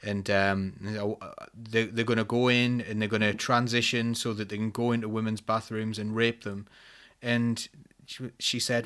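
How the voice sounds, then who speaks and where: A man's voice: fairly low pitch, flat delivery, normal speed, a bit bright. A man on a casual online panel, talking conversationally and hesitantly, with many fillers as he recalls something.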